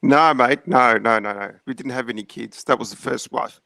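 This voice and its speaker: A man's voice: mid-range voice, moderate pace, vocal fry, bright, forceful tone, dry recording. Easygoing Melbourne man in his fifties. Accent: Australian, Melbourne. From Australia. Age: 50s. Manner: easygoing, laid-back, says "mate". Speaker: caller. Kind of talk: casual chat on a call-in.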